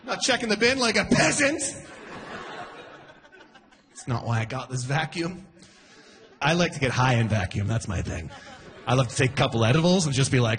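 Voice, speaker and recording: A man in his forties doing a stand-up comedy set, shouting character voices for punchlines. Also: mid-range voice, expressive, moderate pace, pauses often.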